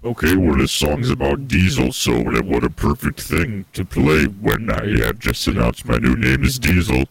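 A man's voice: low-pitched, very animated, normal speed, vocal fry, hardly any pauses, crowd noise. A man co-hosting an improvised comedy radio bit, talking casually and hesitantly.

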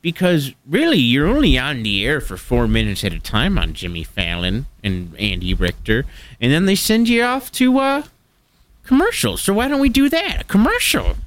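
Theatrical man swinging high and low. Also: very animated, normal speed. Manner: theatrical, swings from loud squeaky outrage to low mutters. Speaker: comedy radio show host. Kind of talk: improvised comedy bit.

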